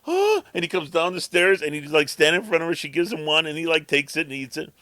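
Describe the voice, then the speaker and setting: Man, bright voice, dry close sound, rambling storyteller, casual podcast chat. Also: a little high, fairly even intonation, fast talker, dry recording. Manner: rambling storyteller, acts out the cat's thoughts. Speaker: podcast co-host.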